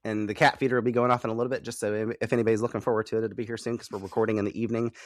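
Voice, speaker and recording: A young man co-hosting a casual podcast, animated and giggly, swearing casually as he chats. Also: lowish voice, racing, no echo, studio quality. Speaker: podcast co-host.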